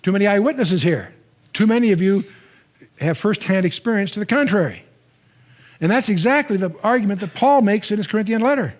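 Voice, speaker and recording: An older man with a high voice teaches the Bible before a live audience. He tells the stories in a conversational, animated style, often restarting his sentences.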